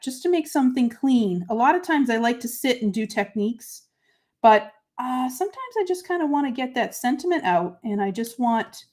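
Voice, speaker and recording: A woman's voice: a little high, a little mellow. A woman hosts a live craft demonstration, talking through each step as she works. Her delivery is chatty and self-deprecating. She breaks off often to answer viewers by name. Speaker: host of a live papercrafting stream.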